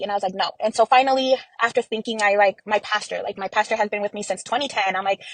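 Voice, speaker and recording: A woman's voice: mid-range voice, fairly even intonation, fairly quick, a bit bright, no echo, low-quality recording. A young woman from Texas, a podcast guest, tells a painful family story in a close-mic interview, acting out what people said with many "like"s. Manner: recounts events by acting out quoted dialogue, many fillers. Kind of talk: emotional personal storytelling.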